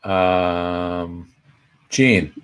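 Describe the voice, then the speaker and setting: A man co-hosting a casual chat, telling stories with lively pitch jumps and laughter. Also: extremely slow, smooth. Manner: animated storyteller, pitch leaping when excited. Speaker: host.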